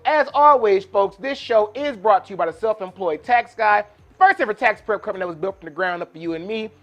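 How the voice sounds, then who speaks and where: A man's voice: high voice, fairly bright tone, muffled recording. A man hosting a live cooking demonstration in a kitchen, talking casually and folksily to his viewers. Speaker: cooking show host. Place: kitchen with induction burner.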